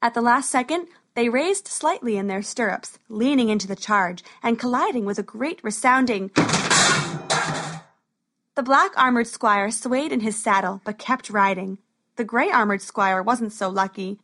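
Woman storybook narrator, steady, slightly high voice. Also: measured pace, background noise.

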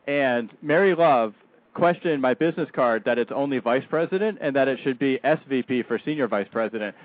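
A man's voice: medium pitch, no room sound. Wisecracking male co-host, tinny sound. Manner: joking, wisecracking. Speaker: chat room moderator and co-host. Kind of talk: casual chat. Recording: tinny phone-like audio.

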